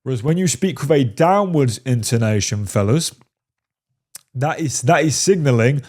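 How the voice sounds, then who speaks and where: Male dating-coach commentator, mid-pitched, casual and profane, heavy on "right?". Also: expressive, normal speed, darkish tone. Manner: profane, repeats "right?" and "fellas". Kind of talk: casual commentary on film clips.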